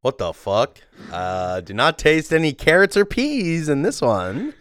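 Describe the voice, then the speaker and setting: A man's voice: fairly high pitch, sing-song, a little slow, a bit bright, dry recording, studio quality. A young man co-hosting a casual chat, joking and sarcastic, laughing often. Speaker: podcast co-host.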